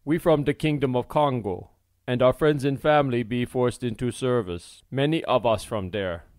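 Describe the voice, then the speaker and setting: A man's voice: medium pitch, moderate pace, darkish tone, no echo, clean studio sound, lightly acted. A man voicing a nervous pleading runaway.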